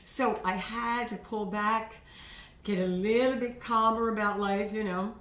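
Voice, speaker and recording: Speaking unhurriedly at medium pitch with a steady, slightly bright tone, this vocal coach offers friendly, encouraging advice straight to camera. She keeps asking "okay?", and the distant mic picks up a roomy echo.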